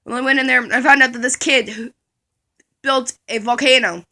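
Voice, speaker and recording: Woman, high pitch, bright tone, rambling comic storyteller, giggly. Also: steady tone, brisk.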